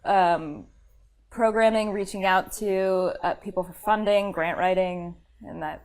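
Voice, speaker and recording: A woman's voice: mid-range voice, unhurried, a little mellow. A woman who founded and runs a theater company, answering interview questions thoughtfully, with fillers and easy laughs.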